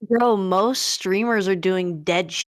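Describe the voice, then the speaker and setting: A woman's voice: medium pitch, slow pace, no room sound. Casual woman with a dry, close sound. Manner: casual, filler-heavy. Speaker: debate contestant. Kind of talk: casual debate chat.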